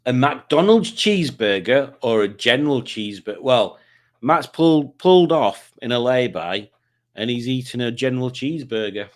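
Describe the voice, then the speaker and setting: Hosting a casual stream from his home, this man speaks at a middle pitch and a normal pace. He reads comments from viewers out loud, pokes fun at them, and chats aimlessly between replies.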